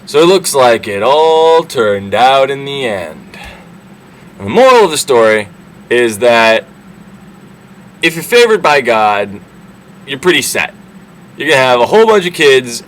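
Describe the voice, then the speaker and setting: A man's voice: medium pitch, fairly bright tone, a little hiss or hum, poor audio. A young man casually retelling an old story for laughs, irreverent and full of fillers. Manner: irreverent, swearing, lots of fillers. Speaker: comedic storyteller.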